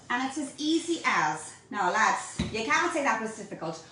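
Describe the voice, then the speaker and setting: A woman's voice: on the high side, sing-song, moderate pace, hardly any pauses, very echoey, recorded from a distance, background noise. An Irish woman teaching a home baking class, chatty and playful, talking straight to her viewers. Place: home kitchen.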